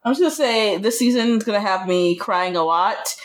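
A woman's voice: medium pitch, animated, normal speed. Earnest, emotional woman podcast co-host. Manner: earnest and emotional, laughing often. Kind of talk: casual podcast chat.

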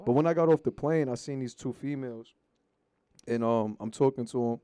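A man with a New York accent, a guest rapper telling stories in a relaxed, slangy interview chat full of fillers. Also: medium pitch, brisk, clear, resonant tone, no echo, clean studio sound. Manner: laid-back slangy, filler-heavy storytelling.

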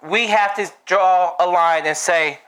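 A man's voice: high voice, a little slow, clear, resonant tone. A man co-hosting an album review podcast, talking casually with heavy slang and cursing, often laughing mid-rant. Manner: animated, profane, laughs through his rants.

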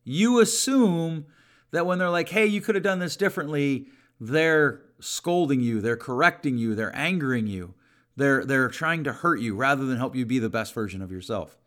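A man's voice: medium pitch, lively intonation, moderate pace, a bit bright. A middle-aged man hosting a podcast, talking earnestly and conversationally, giving advice and repeating key points for emphasis. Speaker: podcast host and counselor. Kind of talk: solo podcast talk, advice.

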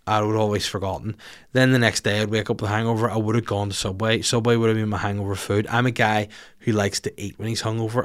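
A Northern Irish man in his thirties hosts a podcast, launching into a rambling, sweary, self-deprecating comic rant. His voice is lowish with a somewhat bright quality.

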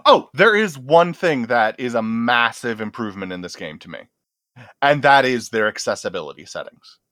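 Casting: man, upbeat and enthusiastic, bright tone, lively pitch. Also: normal speed, dry recording, studio quality. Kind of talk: casual chat.

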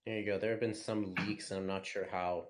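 A man's voice: deep voice, little pitch movement, a little fast, a crowd in the background. Crude, laughing podcast host man. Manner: crude, laughing, reads listener questions. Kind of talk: casual podcast chat.

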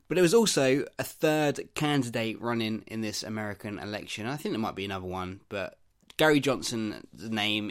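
A man's voice: on the low side, a bit bright. A man hosting a podcast, giving wry and chatty commentary on the news. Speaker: podcast host. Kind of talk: casual topical commentary.

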